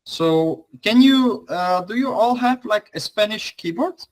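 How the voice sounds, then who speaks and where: A man's voice: high-pitched, expressive, a little slow, rough recording. Chatty young man teaching an online class. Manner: chatty, loose, frequent fillers and restarts. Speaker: language teacher.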